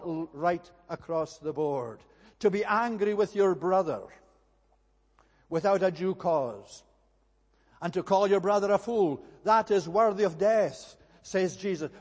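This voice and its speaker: A man delivers a sermon in a steady, earnest manner. His voice sits high for a man, and it rings out with a long reverb, as in a large church hall. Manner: earnest, measured preaching with occasional slips. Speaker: preacher.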